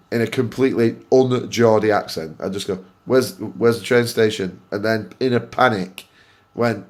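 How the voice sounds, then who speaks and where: A man from Oldham with a Greater Manchester accent, hosting a gaming channel and telling a story in a casual, animated way, swearing freely and laughing at himself. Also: on the low side, moderate pace. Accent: Greater Manchester English. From Oldham, England.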